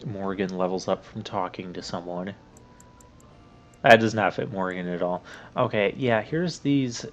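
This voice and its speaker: A man hosting a let's play, giving casual, rambling commentary with drawn-out asides. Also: deep voice, a little hiss or hum. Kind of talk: gameplay commentary.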